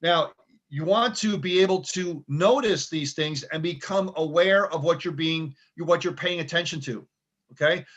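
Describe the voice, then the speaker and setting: A man's voice: fairly high pitch, normal speed, fairly bright tone, highs cut off. A middle-aged man giving a casual motivational talk, conversational and full of "okay" and "right". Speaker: motivational speaker.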